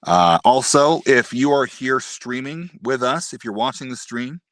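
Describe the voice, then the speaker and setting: A man teaching voice technique on a live stream, explaining patiently and demonstrating pitch and resonance himself. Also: expressive, a little slow, fairly bright tone. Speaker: voice acting teacher.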